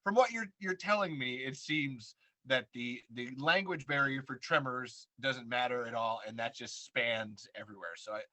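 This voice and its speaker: A young adult man hosting a relaxed interview, playful and quick to laugh. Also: medium pitch. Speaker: podcast host. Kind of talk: casual interview chat.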